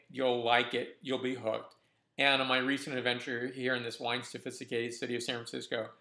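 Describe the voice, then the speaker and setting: A man hosting a casual wine review vlog, talking in a relaxed, enthusiastic way with frequent restarts. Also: medium pitch. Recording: roomy echo.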